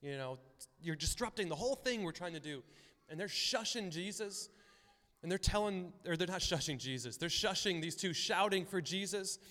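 A man preaching in a relaxed, talky way, slipping into the voices of the people in his stories. His voice sits a little higher than most men's. The sound carries a long reverb from a large church hall. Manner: casual and chatty, acts out voices in the stories. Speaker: pastor. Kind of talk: conversational sermon.

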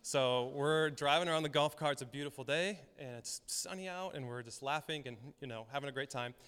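A young male pastor preaches in a hall with a long reverb that trails after his words. His voice sits a little high, and its tone is smooth and resonant. He keeps things conversational, telling stories and laughing along the way. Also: brisk, a bit bright. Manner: storytelling, conversational, laughs often. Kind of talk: sermon. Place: church hall.

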